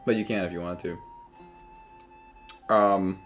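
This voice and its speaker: Over soft background music, a male game streamer jokes through a let's play and ribs the game's dated dialogue. He speaks a little slowly in a low, steady voice with a fairly bright tone.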